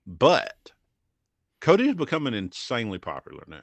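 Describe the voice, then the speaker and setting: A man co-hosting a podcast in casual chat. He talks enthusiastically and often drops low and quiet. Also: huge pitch swings, normal speed, gravelly, no echo. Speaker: podcast co-host.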